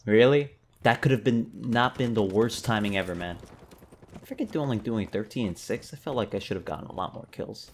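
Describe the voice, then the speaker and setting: A man's voice: fairly low pitch, fairly quick, a little hiss or hum. A young man giving live commentary over a shooter game, frustrated and swearing at opponents. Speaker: gaming YouTuber.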